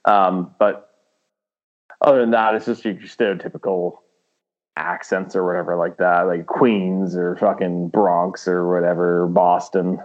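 A man's voice: deep voice, little pitch movement, unhurried. Rambling man on a dull lo-fi recording. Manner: rambling, with many fillers and restarts, slipping into impressions. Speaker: podcast guest, aspiring voice actor. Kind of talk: casual chat.

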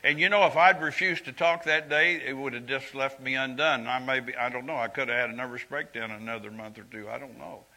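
Older man preaching, bright voice. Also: medium pitch, fairly even intonation, brisk, few pauses, poor audio. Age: 70s. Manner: earnest and conversational, swinging from quiet confiding to loud emphatic lines. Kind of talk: sermon.

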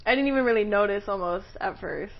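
A woman's voice: mid-range voice, fast, highs cut off. A woman interviewing a guest, listening attentively and asking questions with frequent short affirmations. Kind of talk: casual interview.

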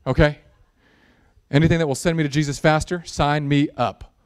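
A man preaching a sermon, animated and jokey, building in intensity at times. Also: a little high, moderate pace, smooth. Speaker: pastor.

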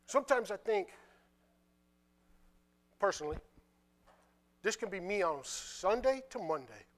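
Animated preacher with a high, lively voice. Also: male voice, a little slow. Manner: animated, drops to quiet asides; retells scripture in casual dialogue. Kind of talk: sermon with scripture reading.

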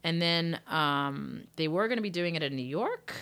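Low-voiced, bright-sounding woman singer chatting. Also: expressive, moderate pace, clear, resonant tone. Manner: chatty, loose, full of "like" and restarts, acts out phrasings. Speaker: singer and session musician, guest. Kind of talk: casual interview chat.

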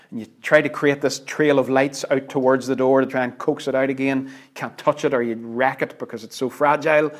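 A man preaching a sermon, earnest and emphatic, sometimes dropping almost to a whisper. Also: mid-range voice. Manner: earnest, emphatic, with dramatic drops to near-whisper.

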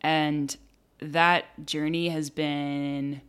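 A young adult woman candidly telling a personal story in an interview, casual and swearing, animated when quoting people. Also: deep voice, extremely slow, smooth. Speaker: interview guest.

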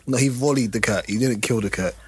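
A man's voice: mid-range voice, heavy background noise. A man hosting a podcast, teasing his co-hosts in casual banter. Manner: fast, teasing. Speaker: podcast host.

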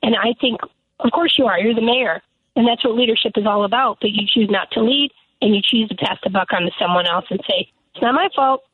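A woman's voice: medium pitch, fast, slightly rough, no room sound. A woman lawmaker calling in to a radio interview, speaking emphatically and indignantly. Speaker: lawmaker guest. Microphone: telephone. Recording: tinny, dry phone line.

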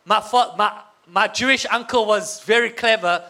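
High, bright South African man. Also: normal speed, vocal fry. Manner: playful, gets the crowd to call back. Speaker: guest speaker. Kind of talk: humorous personal testimony to an audience.

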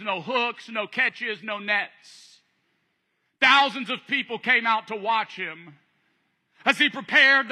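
High, bright-voiced preacher man. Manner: animated storytelling, acting out voices. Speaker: pastor. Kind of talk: sermon. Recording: long hall reverb.

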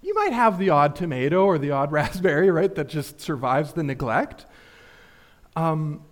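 Casual, chatty male preacher, higher voice. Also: very animated, moderate pace. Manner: casual, filler-heavy, asks rhetorical questions. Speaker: pastor. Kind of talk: conversational sermon.

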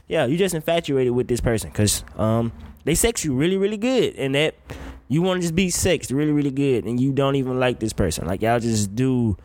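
A man's voice: medium pitch, darkish tone, dry recording. A young man hosting his own podcast, giving blunt, profane relationship advice in casual talk. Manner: blunt, profane, preachy, laughs often. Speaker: podcast host. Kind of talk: casual solo podcast rant.

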